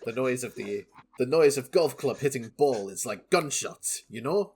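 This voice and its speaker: A man voicing a boastful, lazy older father who speaks loudly in broken, halting English. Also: medium pitch, animated, husky, voice pushed up. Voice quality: loud, halting, broken grammar.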